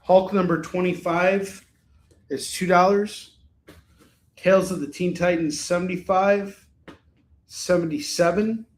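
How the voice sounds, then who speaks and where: A man's voice: sits high, fairly even intonation, measured pace, pauses often. A man hosting a live online shopping show, chatting casually and reading out items and prices in an upbeat way. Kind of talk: casual live-stream selling.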